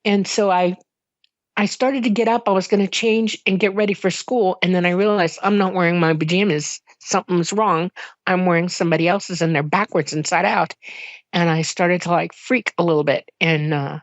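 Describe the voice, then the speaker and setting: Woman guest from Miami, lower voice, casual storyteller; dull, dead-dry lo-fi recording. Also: normal speed, no echo. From Miami, Florida. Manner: animated, emotional retelling with sudden jumps in pitch when quoting herself; casual, conversational, with frequent fillers and laughs. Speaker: interview guest. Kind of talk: personal storytelling in an interview.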